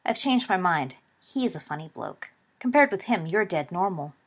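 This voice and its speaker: A woman voicing a loyal, joking teenage schoolboy with a lively, teasing way of talking and a husky voice. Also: on the low side, normal speed. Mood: playful.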